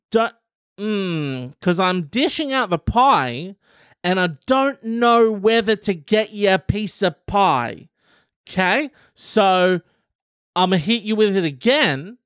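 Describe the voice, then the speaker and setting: Comedic male podcast host, rambling and profane, very lively delivery, dry sound. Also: sits high, a little slow, clear, resonant tone, no room sound. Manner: reads out an article and riffs on it.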